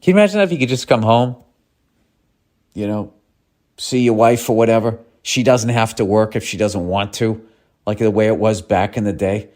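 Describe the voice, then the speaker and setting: A man's voice: lowish voice, moderate pace, a little mellow. A man hosting a comedy podcast, ranting in a profane, sardonic way and reading listener mail.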